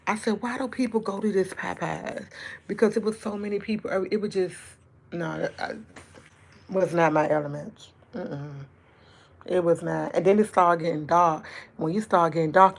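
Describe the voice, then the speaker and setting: A woman with a lower-pitched voice speaking spins a long story to her livestream. She talks casually and swears freely, climbing into exasperated retellings of what she said. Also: normal speed. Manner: animated, profane, rising to exasperated retellings. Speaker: livestream host.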